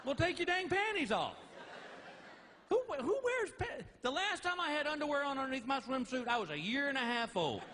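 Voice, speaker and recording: Man, stand-up comedian, high voice, folksy drawl, noisy live room. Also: big pitch swings, a little fast, pushed and bright. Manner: folksy drawling storyteller acting out wife and husband. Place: theater stage before a live audience. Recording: live show with audible room noise.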